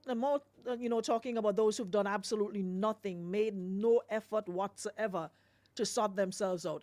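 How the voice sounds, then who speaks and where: A woman's voice: medium pitch, a little mellow, no room sound. Woman radio host, dry studio sound. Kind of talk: radio talk show.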